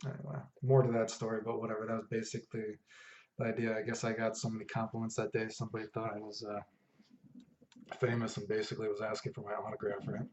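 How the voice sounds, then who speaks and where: A fragrance vlogger tells laid-back, rambling stories to camera about how people react to his fragrances, full of fillers and asides. His lowish voice is flat, quick, and darkish. The room is echoey, the sound dull and lo-fi, with slight background noise.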